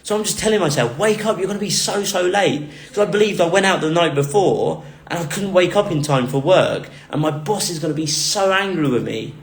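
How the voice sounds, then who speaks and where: A man's voice: fairly high pitch, lively intonation, fairly quick, few pauses. Earnest man telling a story, roomy echo. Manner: earnest, repetitive emphatic phrasing. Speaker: vlogger recounting a near-death experience. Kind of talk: emotional personal storytelling.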